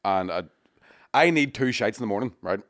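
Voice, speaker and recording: A man's voice: lowish voice, expressive, fairly quick, a bit bright, no echo, clean studio sound. A man with a Northern Irish accent, a comedian co-hosting a podcast, chatting casually and telling crude, self-mocking stories with plenty of swearing. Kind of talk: casual chat.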